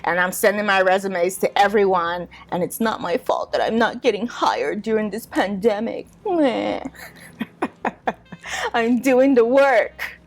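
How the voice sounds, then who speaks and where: A woman's voice: mid-range voice, slow pace. A young woman hosting a podcast, talking casually and wryly, with lots of "like" and small laughs. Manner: chatty, wry, with frequent "like" and laughs. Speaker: podcast host. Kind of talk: casual advice monologue.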